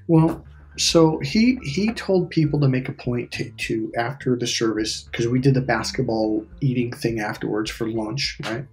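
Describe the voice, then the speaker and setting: A man's voice: mid-range voice, unhurried, a little mellow, faint music behind. A middle-aged man, a spiritual life coach, telling a long personal story in a rambling, casual way, swearing now and then and acting out what other people said. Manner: rambling, profane, restarts often, voices other people in his story.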